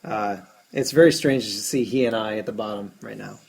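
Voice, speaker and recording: A man's voice: on the low side, brisk, gravelly. A man co-hosting a podcast about fantasy baseball, rambling in casual chat and making fun of himself. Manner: self-deprecating, rambling with restarts.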